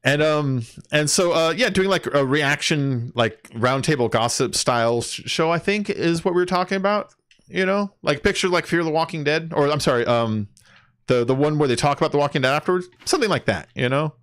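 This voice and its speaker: A man's voice: on the high side, animated, fairly quick, a bit bright, smooth, no room sound. A young man streaming a game, chatting casually and rambling, with some swearing and counting aloud as he plays. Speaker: gaming streamer. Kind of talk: casual gameplay chat.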